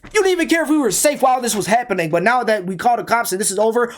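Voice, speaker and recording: A man's voice: high-pitched, animated, a little fast, few pauses, fairly bright tone. Heated young man ranting through a storytime. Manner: heated, emphatic, repeats himself, asks rhetorical questions. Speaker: storyteller vlogger. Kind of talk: casual storytime rant.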